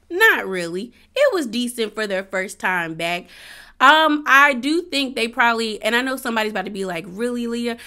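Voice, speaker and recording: A woman vlogger gives blunt, opinionated commentary on a reality TV episode in a casual, animated, slang-filled way. Her voice is fairly high-pitched.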